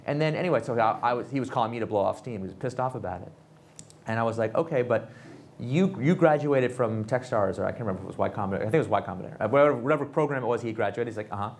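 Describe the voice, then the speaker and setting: Fast-talking man telling a lively story. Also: lowish voice. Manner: animated storyteller acting out quoted people. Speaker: author and entrepreneur, guest. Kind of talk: fireside chat, storytelling. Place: event space with audience.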